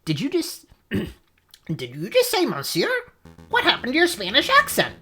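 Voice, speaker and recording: A woman's voice: fairly high pitch, huge pitch swings, a little slow, pushed and bright, breathy edge, full character voice. An eager young male sparrow assistant, voiced by a woman, always wide-eyed. The voice jumps well above her usual and sounds different in tone, with faint music behind. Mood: surprised. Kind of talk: voicing a game character while reading.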